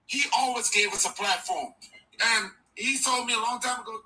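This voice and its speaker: A man's voice: very high voice, normal speed, bright, forceful tone, a little hiss or hum, rough recording. An older man chatting in a casual, emphatic, joking way. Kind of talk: casual chat.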